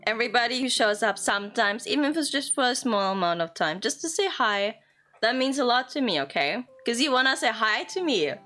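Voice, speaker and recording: A young woman streamer teaches Japanese words during a playful, casual live-stream chat, swearing now and then. Her voice is a little high, animated, brisk, bright and forceful, with faint music behind.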